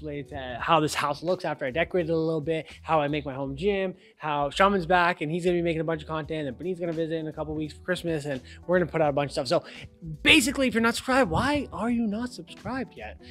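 High-voiced young man joking through a home tour. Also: fairly even intonation, fast talker, hardly any pauses. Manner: joking, chatty, self-mocking. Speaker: vlogger giving a home tour. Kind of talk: casual house tour vlog.

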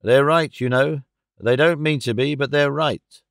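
A man's voice: mid-range voice, gravelly, fairly bright tone, no room sound, clean studio sound. A man voicing a blunt, snorting male rent collector who speaks in short, emphatic bursts. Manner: terse, brisk and emphatic.

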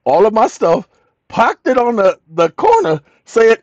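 A man's voice: high voice, big pitch swings, unhurried, dry recording. An older man telling a story as a channel host, emphatic and repeating his key lines. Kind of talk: storytelling monologue. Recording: dull lo-fi audio.

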